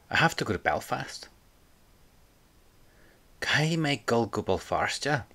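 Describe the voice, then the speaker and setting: Patiently prompting the listener, a man leads an audio language lesson and repeats phrases for them to echo. His voice is mid-range and a bit bright.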